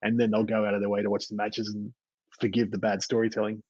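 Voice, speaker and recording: A man's voice: fairly low pitch, monotone, fast talker, mellow, breathy edge, no room sound, lo-fi sound. A man co-hosting a wrestling review podcast in casual chat, rambling with many fillers and restarts. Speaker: podcast co-host.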